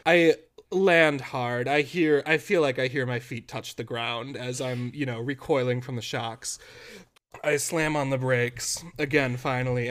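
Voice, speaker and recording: A young man co-hosting a podcast tells a story casually, animated and dramatic, and keeps cracking up laughing. His pitch sits in the middle range.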